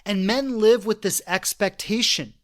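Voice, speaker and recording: A man's voice: high-pitched, unhurried. A man hosting a relationship podcast, talking earnestly in a reflective monologue and retelling stories with quoted voices. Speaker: podcast host.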